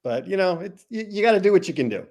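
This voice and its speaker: A man co-hosting a casual live stream. His voice is a touch higher than most men's. He is laid-back and laughs often, and mostly gives short, easygoing replies. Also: lively intonation, fast talker, darkish tone. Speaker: co-host.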